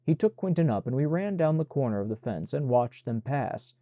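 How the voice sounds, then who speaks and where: A man narrating an audiobook in an even, measured reading. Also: mid-range voice, dry recording, clean studio sound.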